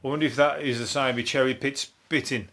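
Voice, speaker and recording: A man from Birmingham with a broad Brummie accent, riffing alone on odd news items for his comedy podcast. He rambles, swears a lot and chuckles at his own lines, his voice sitting at an ordinary middle pitch. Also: steady tone, a little fast, a bit bright. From Birmingham, England. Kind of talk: solo comedic news review.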